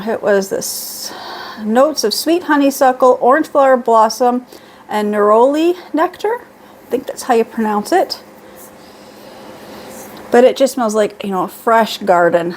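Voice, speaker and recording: A woman's voice: on the high side, darkish tone, a little hiss or hum. A middle-aged woman chatting casually at home through a beauty haul, reading prices and labels aloud. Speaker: beauty vlogger.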